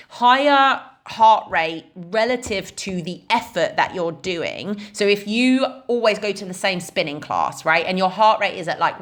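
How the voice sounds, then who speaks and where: A woman's voice: mid-range voice, fairly bright tone. A woman in her thirties, a fitness coach, explaining in a casual, chatty way with lots of "like" and "right?". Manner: chatty, frequent "like" and "right?" fillers.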